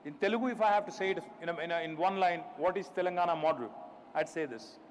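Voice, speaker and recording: A man's voice: high voice, quick pace, slight background noise. Confident Indian man giving a speech. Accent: Indian English. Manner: confident, emphatic, rhetorical questions. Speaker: state minister giving a speech. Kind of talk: public speech at an event.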